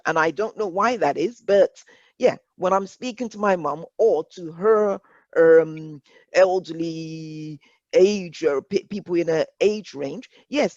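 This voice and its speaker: A woman's voice: on the low side, dry recording. A woman leading a workshop discussion, speaking earnestly and reflectively, often repeating words as she works through a point. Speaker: workshop facilitator. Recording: dull lo-fi dry sound.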